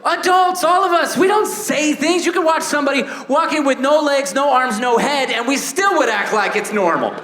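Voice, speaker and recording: A man in his thirties working a stand-up set with a high, bright voice that he pushes up into shouts for the punchlines. He jumps into quick little character voices, and the room around him rings with echo. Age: 30s. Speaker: stand-up comedian. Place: stage before a laughing audience.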